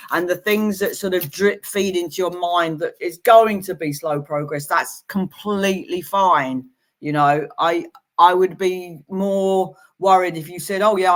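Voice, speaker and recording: Gentle reassuring woman psychic. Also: low voice. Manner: gentle, reassuring, with playful asides. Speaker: psychic medium giving readings. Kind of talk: live-streamed reading to viewers.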